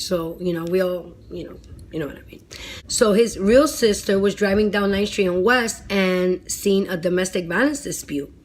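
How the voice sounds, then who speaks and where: Woman vlogger, mid-pitch, blunt, dramatic storytelling with plenty of "like". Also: slight background noise. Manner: animated, dramatic retelling with lots of "like"; blunt, swears freely. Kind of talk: casual storytelling.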